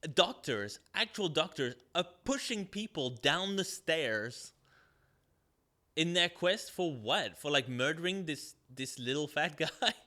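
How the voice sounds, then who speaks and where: A man with a bright, forceful voice rants through a podcast movie review. He's sarcastic and swears freely, and he rambles with plenty of "like" and "um" as he goes. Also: on the high side, lively intonation, unhurried. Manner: sarcastic, profane, rambling with many fillers. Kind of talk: ranting casual review.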